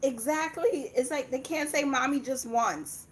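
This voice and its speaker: A young woman from Indiana, whose high voice runs a little slow, hosts a personal finance channel. On a casual livestream she laughs often and breaks off to talk to her kids.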